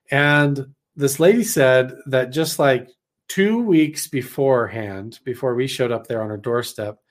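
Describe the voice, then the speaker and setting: A man from Idaho telling a personal story about his missionary days in a casual, animated way, full of "like" fillers. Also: mid-range voice. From Idaho, USA. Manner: animated, rambling, heavy on "like" fillers.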